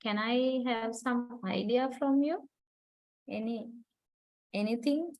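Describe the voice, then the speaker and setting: A woman's voice: on the high side, slow, darkish tone, rough recording. A woman lecturer explaining a topic to her class in a patient classroom lecture, often checking in with her students. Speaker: university lecturer.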